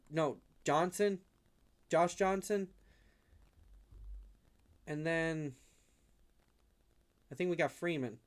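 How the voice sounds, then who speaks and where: A young man giving casual fan play-by-play on a livestream from his room at home, rambling and prone to getting worked up. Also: fairly high pitch. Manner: rambling, gets worked up and shouts at big hits.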